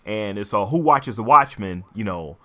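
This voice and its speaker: Man co-hosting a podcast, low voice, halting, lots of ums. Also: expressive, a bit bright. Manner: halting, many ums and restarts. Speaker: podcast co-host. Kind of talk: casual chat.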